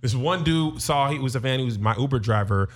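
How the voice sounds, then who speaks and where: A man, a comedian, who is a guest on a podcast and tells laid-back, lively stories in a casual chat. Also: medium pitch, brisk.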